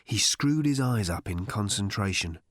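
A man reading an audiobook aloud as narrator, in a wry, measured storytelling manner, recorded in a studio. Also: lowish voice, animated, no echo. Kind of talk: scripted narration.

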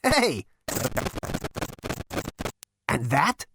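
Zaphod, a brash excitable space rogue. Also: male voice, a little high, a little slow, noisy background, pitched above the performer's own voice. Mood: excited alarm. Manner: loud, wisecracking and jumpy. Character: brash excitable male ex-galactic president.

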